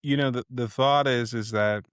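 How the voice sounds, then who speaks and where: A man's voice: medium pitch, fairly even intonation, normal speed, clean tone, no echo, clean studio sound. A man hosting an interview podcast, speaking reflectively with loose phrasing. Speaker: podcast host. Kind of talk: interview conversation.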